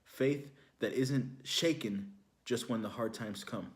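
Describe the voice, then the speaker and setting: A man's voice: mid-range voice, slow. A young man from Houston giving an inspirational testimony message, telling a story casually with fillers like "you know, like". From Houston, Texas, USA. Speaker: ministry speaker.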